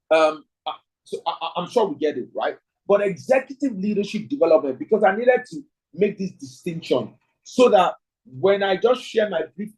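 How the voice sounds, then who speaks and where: A man's voice: high voice, breathy edge, low-quality recording. A man teaching an online leadership class, thinking aloud, ending points with "right?" and reading out participants' chat answers. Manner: thinking aloud, frequent "right?" tag questions. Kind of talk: online class lecture with audience questions.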